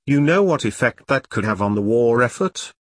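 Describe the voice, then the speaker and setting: A man's voice: mid-range voice, animated, dry recording, lightly acted. A man reading the part of a pompous, bossy middle-aged army captain, in a dry voice. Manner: bossy, brisk, dismissive. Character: pompous self-important middle-aged male platoon captain.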